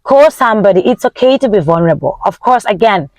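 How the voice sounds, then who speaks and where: An emphatic woman, a Nyanja speaker, coaching her viewers like a self-help preacher. Her voice leaps up and slows right down as she stresses a point. The sound is close and dry, with no room echo. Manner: emphatic and expressive, with big swings in pitch and tempo; preachy, faith-filled encouragement. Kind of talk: motivational vlog talk.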